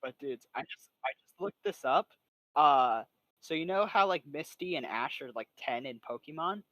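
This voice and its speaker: A young man rambles through a casual podcast chat, full of "like" and restarts. His voice sits a little high, and the sound is close and dry with no room in it. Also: animated, normal speed, fairly bright tone, no room sound, poor audio. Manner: rambling, filler-heavy, bursts into silly voices. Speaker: podcast co-host.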